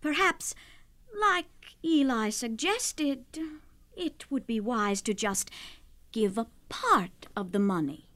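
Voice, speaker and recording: A woman's voice: fairly high pitch, expressive, slow, a bit bright. An actress playing a worried older wife who coaxes her husband, in a radio drama. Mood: coaxing. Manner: earnest, coaxing. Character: worried, persuasive aging wife.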